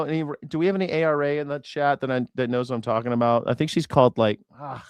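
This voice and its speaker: A man's voice: mid-range voice, fast talker, clear, resonant tone, dry recording. A man hosting a live news reaction show, talking casually in a rambling, profane way and correcting himself as he goes.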